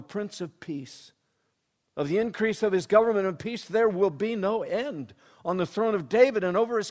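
A man preaching a sermon, dropping to a hushed storytelling voice and then rising to loud, emphatic proclamation, with slow, deliberate scripture reading. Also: high-pitched. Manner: reads scripture slowly and deliberately.

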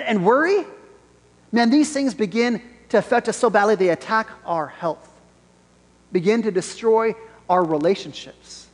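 A pastor preaching a Sunday sermon in an animated style, repeating his key phrases for emphasis. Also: high-pitched, long reverb tail.

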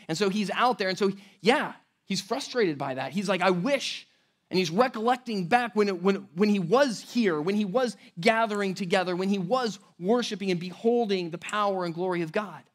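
High-voiced man preaching casually. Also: fairly bright tone. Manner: conversational, laughing asides, repeats words. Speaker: pastor. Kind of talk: sermon.

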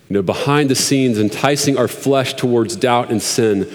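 A man's voice: mid-range voice, moderate pace, hardly any pauses. Earnest man preaching in a reverberant hall. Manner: conversational, earnest, with fillers and restarts. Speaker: pastor. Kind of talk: sermon.

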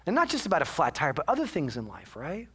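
Bright, high-voiced chatty preacher man. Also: huge pitch swings, quick pace, husky. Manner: chatty and self-mocking, many asides. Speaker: pastor. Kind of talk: casual storytelling sermon.

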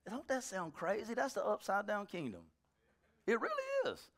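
Bright-voiced joking preacher man. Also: high-pitched, moderate pace. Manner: animated, joking, conversational preaching. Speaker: pastor. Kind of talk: sermon.

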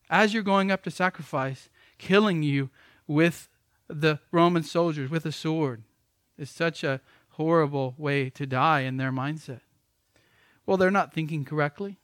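A man's voice: a little high, a bit bright, no room sound, clean studio sound. A man who is a pastor, preaching a sermon with emphatic repetitions.

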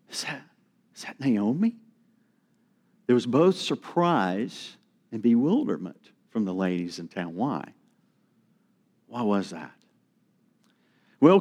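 A middle-aged man preaching a sermon, slow and earnest, dropping to a hush for emphasis. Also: fairly high pitch. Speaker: pastor.

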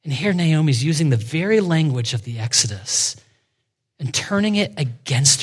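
A man preaching a sermon, explaining scripture verse by verse, sometimes dropping to a hushed voice for emphasis. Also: fairly high pitch, sing-song, normal speed, husky. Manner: expository preaching with dramatic dips to a hushed voice. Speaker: pastor.

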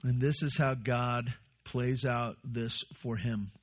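A man's voice: mid-range voice, fairly even intonation, slow pace, slightly rough, muffled recording. Man preaching a conversational sermon. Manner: conversational, asks the congregation questions. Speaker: pastor.

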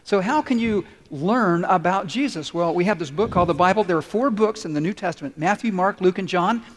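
Earnest high-voiced preaching man. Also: animated, brisk, slight background noise. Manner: earnest, conversational preaching with audience questions. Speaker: pastor. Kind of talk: sermon. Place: large church. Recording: long hall reverb.

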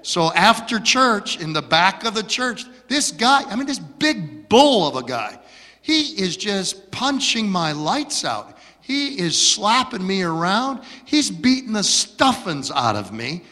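A man from Michigan telling stories from his childhood as a preacher, dramatic and swinging from hushed to loud. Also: sits high, big pitch swings, takes it slowly. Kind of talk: storytelling sermon. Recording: long hall reverb.

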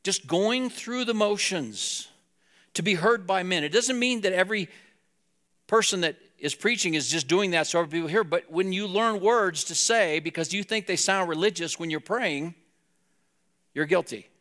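A man's voice: high voice, moderate pace, fairly bright tone. A man preaching a sermon as a pastor, talking plainly and directly to his congregation.

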